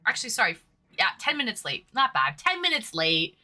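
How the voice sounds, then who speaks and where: A woman's voice: fairly high pitch, big pitch swings, a little fast, sharp tone. A woman from Massachusetts with a Massachusetts accent, hosting a casual livestream and chatting while eating, on a webcam mic. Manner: chatty, reads chat aloud, eats between words. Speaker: streamer hosting online dates.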